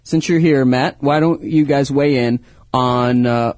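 A man's voice: medium pitch, steady tone, measured pace, a little mellow. A man co-hosting a casual show, joking and leading a segment. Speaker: co-host. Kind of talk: casual chat.

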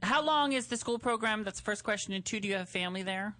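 A man's voice: high-pitched, bright, forceful tone, dry recording. Playful campy male radio co-host. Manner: playful, campy, quick to laugh. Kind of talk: casual comedic radio chat. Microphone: studio microphone.

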